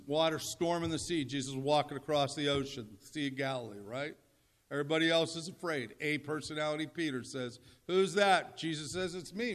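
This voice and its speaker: A man's voice: medium pitch, a bit bright. An older man preaching a sermon in a conversational, humorous way, often asking the audience questions. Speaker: pastor.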